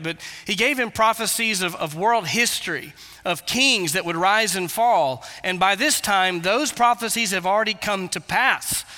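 A man's voice: high voice, bright, forceful tone, clean tone, long reverb tail. A male pastor preaching a sermon, earnest and explanatory, with emphatic repetitions.

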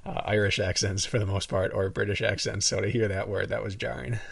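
A man's voice: on the low side, level tone, brisk, vocal fry, no room sound, far from the mic. A man with an Upper Midwest American accent co-hosting a podcast, rambling and laughing in casual chat. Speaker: podcast co-host. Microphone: headphones and remote mic.

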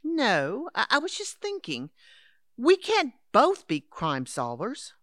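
A woman as a brisk, scheming old lady. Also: fairly high pitch, wildly swooping pitch, a bit bright, no echo, studio quality, full character voice. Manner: brisk, patronizing, calls others dear and darling. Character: scheming elderly woman, Henrietta, would-be crime writer. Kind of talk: audio drama acting.

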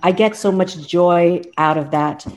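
A woman's voice: fairly low pitch, measured pace, a little mellow. A woman in her fifties, a lawyer and professor, talking in an earnest, heartfelt way with frequent restarts in a casual interview. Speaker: guest, lawyer and law professor.

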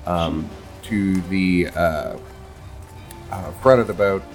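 A man narrating a tabletop game as game master, halting, with many ums and uhs. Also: sits low, faint music behind.

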